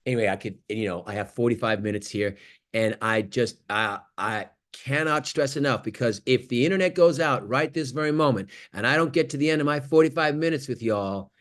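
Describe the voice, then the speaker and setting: A man giving an animated motivational talk on a video call, swinging from loud exclamations to near-whispers. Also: mid-range voice, fairly quick. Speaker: guest speaker on an acting workshop call.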